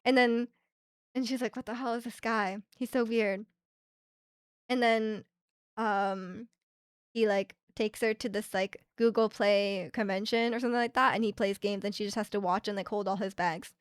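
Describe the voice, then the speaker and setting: A woman's voice: medium pitch, steady tone, normal speed, smooth, no room sound, studio quality. A young woman streaming, chatting casually with her viewers and retelling ads in a rambling way with many fillers.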